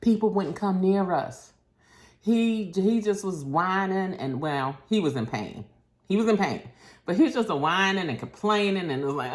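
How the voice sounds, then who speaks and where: A woman's voice: lowish voice, moderate pace. A woman, telling a story in a casual vlog rant and acting out what people said. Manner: animated, acts out quotes in shifting voices. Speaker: vlogger.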